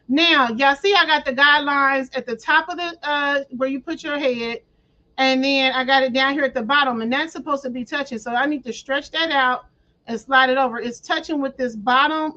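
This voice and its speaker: High-voiced woman chatting through a tutorial. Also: pushed and bright. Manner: chatty, talks viewers through each click; playful slang, frequent throat clearing. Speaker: craft tutorial host. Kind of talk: casual screen-share tutorial. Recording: dull lo-fi audio.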